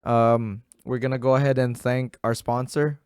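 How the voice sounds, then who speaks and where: A man's voice: mid-range voice, flat delivery, normal speed, clean tone, no room sound. A man co-hosting a podcast in a studio, chatting casually and swearing freely. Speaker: podcast co-host. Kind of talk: casual chat.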